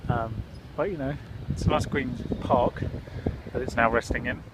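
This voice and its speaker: This casual vlog features a young man walking indoors and around city streets with a handheld camera, chatting and teasing himself. He speaks at a moderate pace in a steady, medium-pitched voice, with background noise present.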